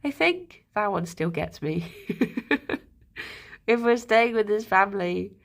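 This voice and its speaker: A woman chatting casually on a live stream. She rambles with plenty of fillers and coos at her pets in a higher voice. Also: lively intonation, slow, vocal fry.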